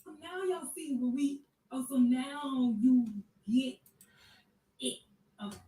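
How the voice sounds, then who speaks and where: A woman giving casual commentary in a sarcastic, conversational way, with drawn-out asides. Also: high-pitched, mellow. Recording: echoey room, distant mic, faint noise.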